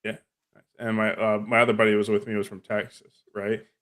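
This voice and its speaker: A man's voice: fairly low pitch, flat delivery, fairly quick, a bit bright. Rambling storyteller man from New Jersey. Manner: rambling storyteller, acts out the people he quotes. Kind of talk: casual podcast chat.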